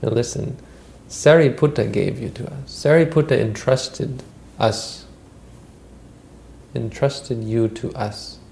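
A man's voice: mid-range voice, slow pace, gravelly, darkish tone, a little hiss or hum. A man voicing a group of protective monks who speak emphatically and casually. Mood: emphatic.

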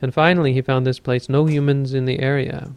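A man who teaches Buddhism, giving a dharma talk and telling a story in a calm, measured way. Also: mid-range voice, clear, resonant tone, dry recording.

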